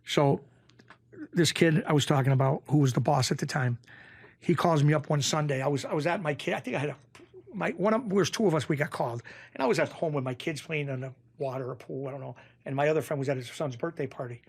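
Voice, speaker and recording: A middle-aged man with a Western Massachusetts accent, speaking in a fairly high voice. He tells stories in a casual interview and acts out the people in them by raising his voice. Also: fast, creaky, husky. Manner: animated, acts out quoted voices in a raised pitch. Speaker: interview guest, former bookmaker.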